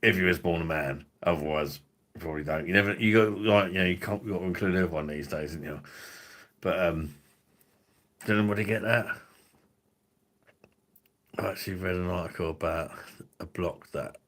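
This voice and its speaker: A man's voice: low voice, fairly quick, pauses often, a bit bright. A young man hosting a casual livestream, rambling crudely and swearing a lot. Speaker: livestream host.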